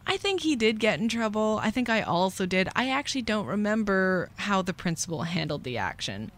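A woman's voice: mid-range voice, big pitch swings. A young adult woman hosting a podcast, telling a confessional story in a candid, rueful way. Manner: candid, rueful, acts out voices in quick whispers and shouts. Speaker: podcast host.

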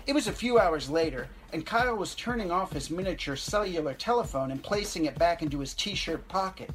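A woman narrates a story in a flat, deadpan way with a fairly low voice. Faint music plays under her reading. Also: brisk, hardly any pauses, rough recording.

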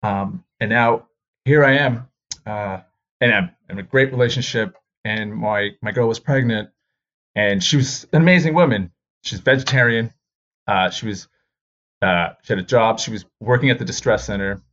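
A man's voice: on the low side, moderate pace, fairly bright tone. A comedian in his thirties telling a self-deprecating personal story with lots of fillers and restarts, acting out the voices of the people in it. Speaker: stand-up comedian. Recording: dull lo-fi recording.

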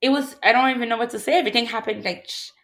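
A woman in her thirties from Montreal, telling a personal story as an interview guest in an emotional, halting way, restarting her sentences and acting out other people's voices. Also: fairly high pitch, fairly bright tone. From Montreal, Canada.

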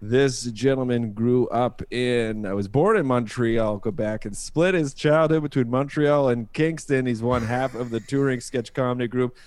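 A man's voice: mid-range voice, moderate pace, few pauses, a little mellow, smooth, dry recording. A man hosting a comedy podcast, teasing and playful. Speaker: podcast host. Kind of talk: casual podcast chat.

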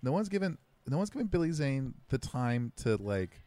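A man chatting casually about movies, talking fast, self-deprecating, tripping over quick restarts. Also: mid-range voice, big pitch swings, warm tone, no echo. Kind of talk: casual movie-watching chat.

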